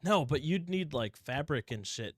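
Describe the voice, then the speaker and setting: A young man co-hosting a podcast, telling a story casually with lots of swearing and quick put-on voices for the characters. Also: fairly high pitch, dry recording, clean studio sound. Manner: animated, profane storytelling, acting out characters in voices. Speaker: podcast co-host. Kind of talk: casual chat.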